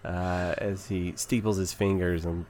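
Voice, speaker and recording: A man's voice: low voice, little pitch movement, a little slow, darkish tone, slight background noise. A man from Texas with a Southern accent, hosting a casual podcast chat in a joking, easygoing way. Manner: joking, easygoing, reads ads loosely. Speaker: podcast host.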